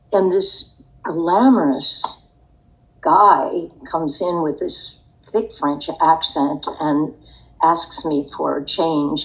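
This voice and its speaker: Older woman, interview guest, lowish voice, reflective and wry storytelling. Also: poor audio.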